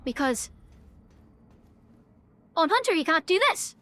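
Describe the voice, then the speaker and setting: A woman's voice: very high-pitched, very animated, takes it slowly, pushed and bright. A woman with a Northern Irish accent, chatting and swearing casually while streaming a game live. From Northern Ireland. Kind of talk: live gameplay commentary.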